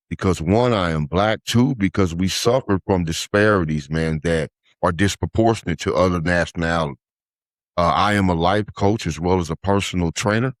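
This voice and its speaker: Male podcast host, low voice, loose chatty commentary, heavy "man" and "uh" filler, dry recording. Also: no room sound. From United States. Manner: says "man" after nearly every phrase, many "uh" fillers. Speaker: podcast host, life coach.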